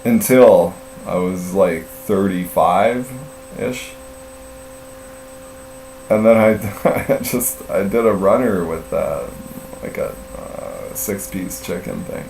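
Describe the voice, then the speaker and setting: A middle-aged man with a low, gravelly voice rambles through a profane story in casual live-stream chat, slow and full of fillers. He sits back from the mic in a roomy space, with a faint mains hum underneath. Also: animated, a little mellow, distant mic.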